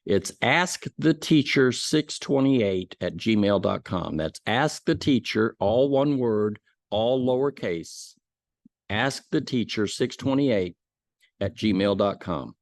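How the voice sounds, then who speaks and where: A man's voice: lowish voice, animated, takes it slowly, no echo, studio quality. A man giving a casual Bible lesson, telling stories in a folksy way with frequent restarts. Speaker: Bible teacher.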